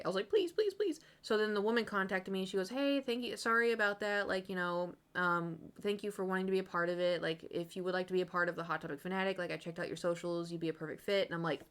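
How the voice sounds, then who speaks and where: A woman's voice: on the low side, a bit bright. A young adult woman streamer in casual live-stream chat, telling stories with acted-out quotes and frequent laughs. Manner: chatty storytelling, acts out quoted voices, swears and laughs.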